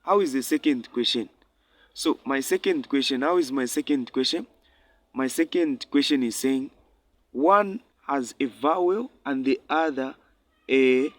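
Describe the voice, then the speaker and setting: Male maths tutor, unhurried, asks "what?" and then answers it himself, dry close sound. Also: mid-range voice, no room sound. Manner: asks rhetorical questions and answers them himself; repeats numbers slowly while writing. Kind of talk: maths lesson at a board.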